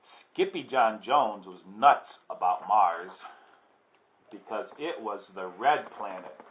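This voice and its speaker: Male storybook reader, relaxed, chatty asides; slow pace, muffled lo-fi sound. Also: lowish voice, slight background noise. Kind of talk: reading a children's book aloud. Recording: dull lo-fi recording.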